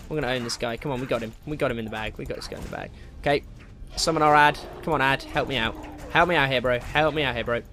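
Excitable man commentating his gameplay. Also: mid-range voice. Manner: excitable, swears and taunts enemies.

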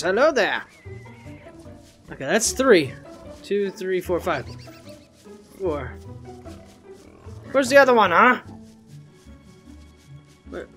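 Lively, swearing let's-play host. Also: mid-range voice. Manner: goofy, rambling, swears often. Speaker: gaming channel host. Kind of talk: casual let's-play commentary.

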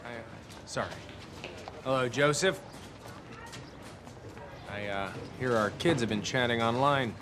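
A man's voice: mid-range voice, measured pace, pauses often, noisy background, lightly acted. An actor playing a father in his forties who unloads crude swearing tirades, then backpedals defensively. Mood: hostile. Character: fortyish father losing his temper, crude. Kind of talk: film comedy acting.

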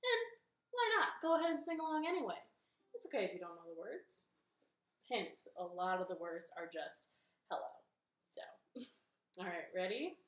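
A woman's voice: medium pitch, big pitch swings, brisk, a bit bright, echoey room. A young woman hosting a children's storytime from her living room, cheerfully coaxing kids to sing along with a ukulele. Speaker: library storytime host.

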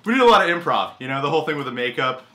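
Lively, bright-voiced joking man. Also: a little high, rapid-fire. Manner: laughing, joking, self-deprecating. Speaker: sketch actor and reaction show regular. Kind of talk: casual reaction chat.

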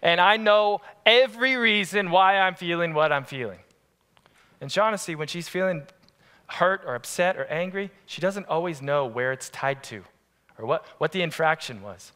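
A man preaching a sermon as pastor, telling family stories in an animated, lively way. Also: high-pitched, moderate pace, clear, resonant tone. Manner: animated, acts out family scenes. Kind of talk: storytelling sermon. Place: church sanctuary. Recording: long church-hall reverb.

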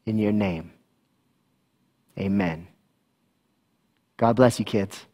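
A man serving as pastor, giving church announcements and a gentle, slow children's talk with a prayer. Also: on the low side.

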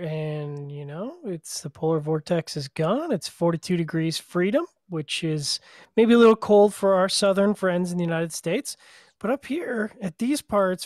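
Male co-host from Canada, high voice, chatty and joking, dry close sound. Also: darkish tone, no echo. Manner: chatty and joking, many fillers. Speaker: podcast co-host. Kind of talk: casual podcast chat.

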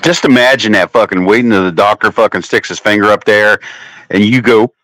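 A man's voice: a little fast, no room sound. A man hosting a casual livestream chat from home, telling crude stories full of swearing. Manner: crude, profane storytelling with lively swings in pitch. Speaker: livestream host.

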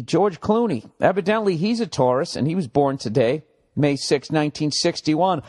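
A man's voice: a little high, expressive, normal speed. A man hosting his own podcast alone, talking in a profane, rambling, sarcastic way. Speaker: podcast host. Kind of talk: casual solo podcast monologue.

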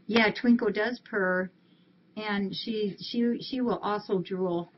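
A woman with a medium-pitched voice talks slowly, with fairly even intonation, as she coos affectionately at cats on a casual live stream from a rescue. The audio is muffled, dull, and lo-fi, carrying a faint hiss.

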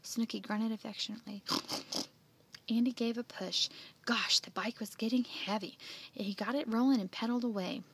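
A woman gently and expressively reading a children's book aloud. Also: fairly high pitch, steady tone, normal speed, noisy background. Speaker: storyteller.

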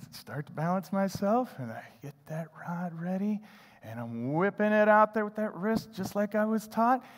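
Animated high-voiced preacher in a reverberant church. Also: male voice. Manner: animated storytelling, acting out his own thoughts. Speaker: pastor. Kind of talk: sermon storytelling. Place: church sanctuary.

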